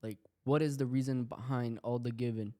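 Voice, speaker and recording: A man's voice: mid-range voice, fairly even intonation, moderate pace, mellow. A young man co-hosting a podcast, chatting in a friendly way and telling stories. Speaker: podcast co-host. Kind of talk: casual podcast chat.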